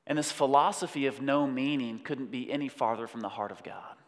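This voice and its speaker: A man preaching a sermon in an animated way, breaking off to act out voices. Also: mid-range voice, brisk, few pauses. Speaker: pastor. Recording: long hall reverb.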